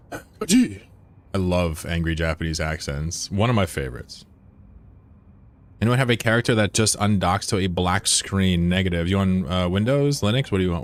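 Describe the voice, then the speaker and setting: A man with a low voice streams a game and chats casually with his viewers. He is laid-back and profane, and he drags his words out slowly when he admires something. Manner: laid-back, profane, answers chat aloud. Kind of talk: casual livestream chat.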